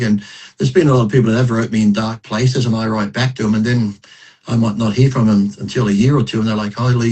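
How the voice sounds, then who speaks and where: A middle-aged man with a husky, mid-pitched voice, talking as a podcast guest. His stories come out blunt and profane, and he is quick to laugh at himself. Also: darkish tone, low-quality recording. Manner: blunt, profane, self-mocking. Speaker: podcast guest, retired bodybuilder. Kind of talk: casual interview storytelling.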